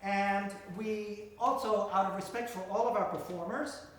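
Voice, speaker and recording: Man presenter, fairly high voice, dry deadpan wit, live comic lecture, distant mic in an echoey room. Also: moderate pace. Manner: dry, wry, deadpan asides. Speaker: host of a music comedy lecture. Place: concert room with a live audience. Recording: echoey room recorded from afar.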